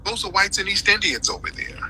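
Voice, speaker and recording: Combative man, bright sharp voice. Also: high-pitched, expressive, a little fast, breathy edge, rough recording. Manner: combative, interrupting, mocking. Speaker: debater. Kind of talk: heated online debate.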